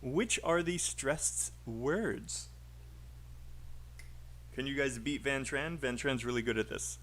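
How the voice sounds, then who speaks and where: A man's voice: medium pitch, slow pace, a bit bright. A man teaching English pronunciation on a live stream, chatty and encouraging, calling out names from the chat.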